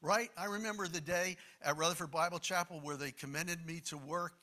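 A man's voice: on the high side, steady tone, a little fast, pushed and bright. A man preaching a sermon in an emphatic, conversational way, with asides to the congregation.

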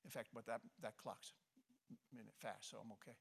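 A middle-aged man preaching a sermon, swinging between loud emphasis and soft, hushed passages, often restarting and repeating phrases. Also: fairly low pitch, fairly even intonation, brisk, gravelly, slightly rough. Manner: impassioned, rising to emphasis then dropping soft. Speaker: pastor.

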